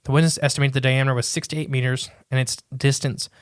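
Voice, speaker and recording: A man co-hosting a casual podcast, chatting in a rambling way and reading quotes aloud haltingly. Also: mid-range voice, little pitch movement, clean tone, dry recording, clean studio sound. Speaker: podcast co-host.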